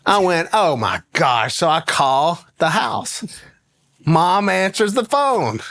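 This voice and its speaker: A man's voice: fairly high pitch, slow pace. A middle-aged man with a Southern American accent, telling a story in casual talk as a guest and laughing as he goes. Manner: animated, laughs through his story.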